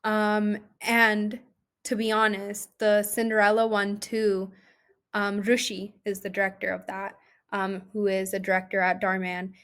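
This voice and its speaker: A woman's voice: mid-range voice, monotone, measured pace, a bit bright. Chatty young woman, lots of ums. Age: young adult. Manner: chatty, heavy use of "like" and "um". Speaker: actress, podcast guest. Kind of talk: casual interview chat.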